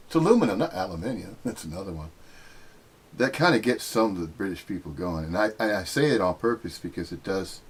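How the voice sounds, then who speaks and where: A middle-aged American man muses on spirituality in a loose, rambling monologue. His voice is low and a little husky, and his pitch swings widely as he teases and jumps into sudden high emphasis. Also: animated, fairly quick. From United States. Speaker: spiritual talk host.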